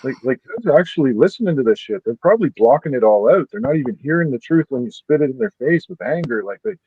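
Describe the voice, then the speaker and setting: A man talks in a loose, rambling, profane way, filling his sentences with "like", and his voice has a husky edge. He comes through a tinny, phone-like call line with dry, close sound. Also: mid-range voice, lively intonation, quick pace, no room sound. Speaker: panel guest. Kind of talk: casual panel discussion.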